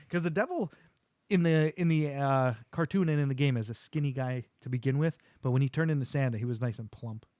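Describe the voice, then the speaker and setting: A middle-aged man hosting a podcast, chatting casually with his son and retelling cartoon scenes with quick quoted voices. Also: mid-range voice, a little mellow, no room sound, clean studio sound. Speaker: podcast host.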